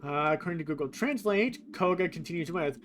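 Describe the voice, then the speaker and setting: A man's voice: on the high side, animated, fairly quick, fairly bright tone, soft background music. A man streaming a game who compares translations in casual commentary, rambling with many fillers.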